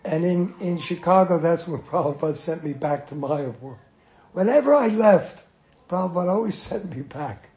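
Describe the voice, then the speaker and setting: An older man telling a long personal memory, animated and emotional, with laughs between lines. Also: sits high. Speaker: storyteller recalling his teacher. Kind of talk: reminiscing storytelling. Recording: roomy, muffled room sound.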